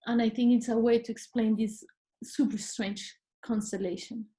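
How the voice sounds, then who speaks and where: A woman's voice: on the high side, moderate pace. A woman, a podcast guest, telling a personal story in casual conversation and acting out what she said back then. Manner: animated, acts out her own past words.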